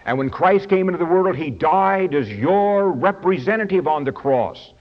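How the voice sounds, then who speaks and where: A man preaching a sermon in an auditorium, working through a study booklet, stretching key words slowly and rushing through asides. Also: sits high, animated, lo-fi sound. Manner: emphatic, swings between slow stressed phrases and quick asides. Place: large auditorium.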